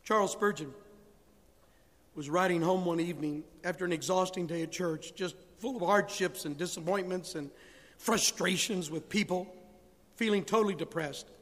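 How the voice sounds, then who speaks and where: A man's voice: sits high, moderate pace, fairly bright tone. A man preaching a sermon with rising emphasis, acting out biblical dialogue. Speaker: pastor. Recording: long hall reverb.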